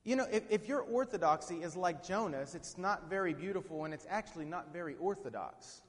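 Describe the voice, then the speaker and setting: High-voiced man preaching in a hall. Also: lively intonation, brisk. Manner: dynamic, swings from hushed to shouting, asks the congregation questions. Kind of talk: sermon. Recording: long reverb of a hall.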